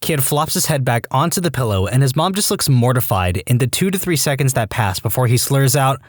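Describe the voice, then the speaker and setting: A man reading Reddit stories aloud as a podcast narrator, animated and quick to jump into acted quotes. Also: medium pitch, dry recording, clean studio sound.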